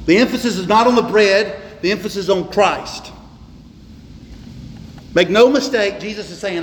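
A man preaching from the pulpit, his voice pitched high and carrying emphatic, repeated phrases. The sound rings with long reverb in a roomy church hall. Faint ambience stays in the background. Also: slight background noise. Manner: emphatic preaching, repeats words, slows for stress. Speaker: pastor. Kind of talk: sermon.

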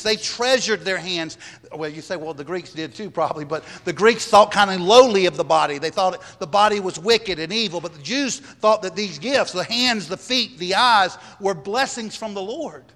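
A man's voice: high voice, a bit bright, in a large hall. A man preaching a sermon, emphatic and repeating his phrases for weight.

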